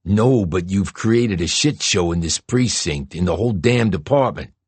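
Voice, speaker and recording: A man voicing a sleazy, nervous male police informant who talks rapidly and furtively in an audiobook. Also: sits low, lively intonation, breathy edge, no echo, pitched above the performer's own voice. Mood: panicky.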